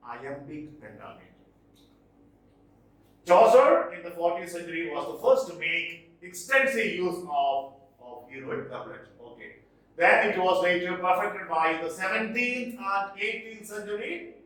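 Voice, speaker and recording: A man teaching a literature lesson, repeating key terms slowly and stressing what matters for exams. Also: high-pitched, sharp tone. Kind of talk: classroom lecture. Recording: echoey room, voice far from mic.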